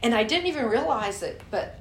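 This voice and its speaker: A woman's voice: on the high side, brisk, a little hiss or hum. Woman preaching in an echoey hall. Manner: lively, acts out her own anger in stories. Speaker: guest speaker. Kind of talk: sermon with personal storytelling. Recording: echoey room.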